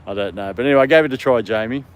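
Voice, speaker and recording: An Australian man hosts a casual livestream from a dog park, answering viewer comments and talking to his dog. His mid-range voice moves very fast.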